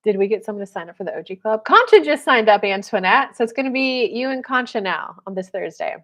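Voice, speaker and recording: A fast-talking woman with a mid-range voice hosts a casual spiritual livestream. Animated throughout, she delivers readings and acts out how the people she describes sound.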